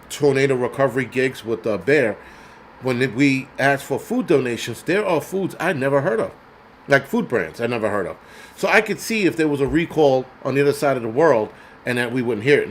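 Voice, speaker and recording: A man's voice: medium pitch, slight background noise. A middle-aged man hosting a show, ranting in a profane, sarcastic and blunt way. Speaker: host. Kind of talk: ranting commentary.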